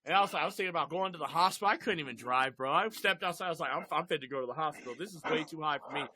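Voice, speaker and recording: High-voiced animated man telling a story. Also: very fast. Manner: animated, laughing, swearing storyteller. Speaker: podcast host. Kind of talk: casual storytelling chat.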